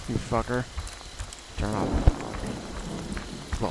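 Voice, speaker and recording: A man's voice: fairly low pitch, lively intonation, measured pace, long pauses, heavy background noise. A man casually commenting on his gameplay, muttering profane trash talk at other players. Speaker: gamer playing online.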